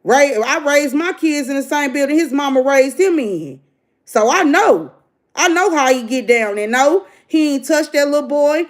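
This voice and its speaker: Middle-aged woman, host of a casual livestream, blunt and preachy, voice sits a bit high. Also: lively intonation, moderate pace. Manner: blunt, preachy, talks straight to viewers.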